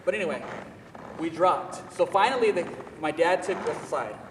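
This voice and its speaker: A fairly high-voiced young man tells a story in a lively, self-mocking way, leaning hard on his words. He sounds set back from the mic in a large echoey hall, with a faint hum of the room behind him. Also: normal speed, distant mic. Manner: animated, self-mocking, emphatic. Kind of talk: personal storytelling talk.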